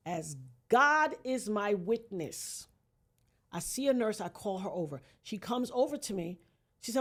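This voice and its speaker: A woman's voice: medium pitch, animated, measured pace. Woman telling a harrowing story dramatically. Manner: dramatic, acts out quoted voices, swings from hushed to near-shouting. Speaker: guest. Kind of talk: emotional storytelling.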